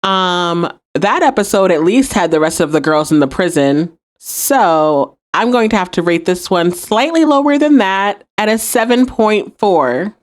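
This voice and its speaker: A woman's voice: mid-range voice, lively intonation, measured pace, hardly any pauses. A woman hosting a podcast, recapping and reviewing a TV episode and acting out quoted lines. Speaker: podcast host.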